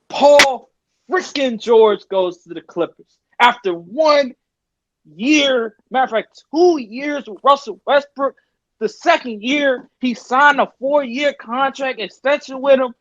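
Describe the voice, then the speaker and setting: A man's voice: very high voice, slow pace, fairly bright tone, dry recording, dull audio. A man hosting a podcast, ranting casually and emphatically and repeating his points. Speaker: podcast host. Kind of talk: casual sports rant.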